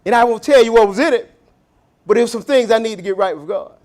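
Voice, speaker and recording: A pastor preaches in a church, his voice sitting well above the usual male register. He lurches between loud, emphatic lines and hushed, low asides, drawing out the words he wants to land. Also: fast talker. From Southern United States. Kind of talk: sermon. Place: church sanctuary.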